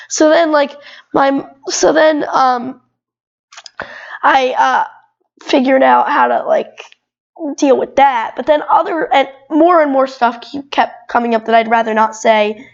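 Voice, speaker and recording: Chatty twelve-year-old girl, high voice. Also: a little slow, gravelly, lo-fi sound. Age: 12 years old. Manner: rambling, full of "like" and restarts. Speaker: guest. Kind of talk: casual chat.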